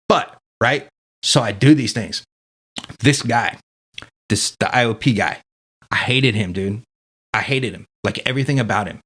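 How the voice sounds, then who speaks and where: A man's voice: medium pitch, moderate pace, long pauses, a bit bright. A man as a podcast guest telling his story in a casual, candid way, swearing freely and leaning on fillers like "dude" and "man".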